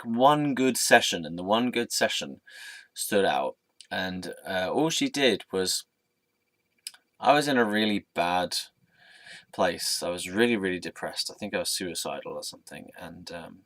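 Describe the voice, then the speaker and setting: A young man telling a personal story in an earnest, reflective, soft-spoken way. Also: lowish voice, dry recording. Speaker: vlogger.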